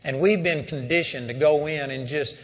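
A man's voice: on the high side, moderate pace. An older man preaching a sermon, telling a personal story and building to emphatic calls to his listeners. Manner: storytelling, rising to emphatic exhortation.

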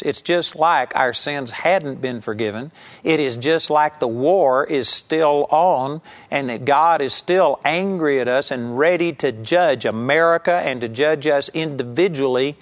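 A man preaching a sermon, teaching earnestly and emphatically, and sometimes acting out the people in his story. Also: medium pitch.

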